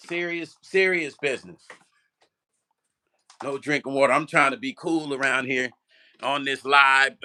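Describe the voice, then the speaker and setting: Man, live-stream host, casual chat, very bright tone, slightly high voice, faint music behind. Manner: loose and chatty, repeats himself, laughs at his own slips.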